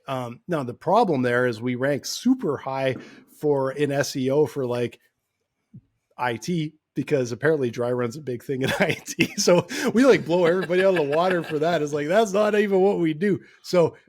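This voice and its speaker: A man's voice: fairly high pitch, normal speed. A man co-hosting a business podcast, rambling loosely with lots of restarts and filler. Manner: rambling, full of restarts and likes. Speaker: podcast co-host. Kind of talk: casual podcast chat.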